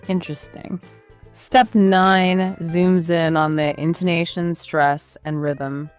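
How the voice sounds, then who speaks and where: A woman's voice: on the low side, little pitch movement, slow, smooth, faint music behind. Woman co-hosting a lesson podcast. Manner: upbeat, walks through steps in order. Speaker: podcast co-host. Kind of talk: scripted educational podcast chat.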